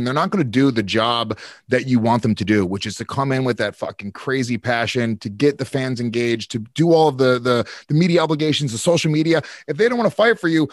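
A man's voice: medium pitch, no room sound. Dry-sounding man co-hosting a chat. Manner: reasoned, swears casually. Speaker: podcast co-host. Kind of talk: casual chat.

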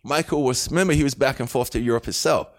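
A man on an interview show, telling an anecdote in a casual, animated way, acting out other people's lines and swearing freely. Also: mid-range voice, fast. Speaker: interview guest.

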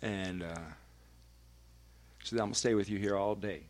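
A man's voice: fairly low pitch, steady tone, moderate pace. A man, a radio personality, telling a candid and emphatic personal story as a podcast guest, swearing freely.

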